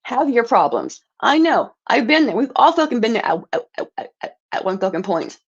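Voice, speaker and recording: A woman's voice: on the high side, very animated, normal speed, husky, muffled recording. A woman livestreaming an angry, profane rant, stumbling and restarting words as she gets heated.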